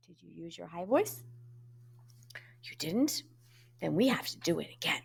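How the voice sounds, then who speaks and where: Animated woman music teacher. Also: unhurried, creaky, pauses often, husky. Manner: animated, swooping between high and low voices. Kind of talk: online music lesson for young children.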